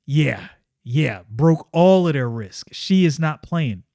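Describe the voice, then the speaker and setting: A man's voice: a little high, animated, takes it slowly, vocal fry, dark tone, dry recording, studio quality. A man reviewing a comic book in casual, enthusiastic commentary, often repeating phrases for emphasis.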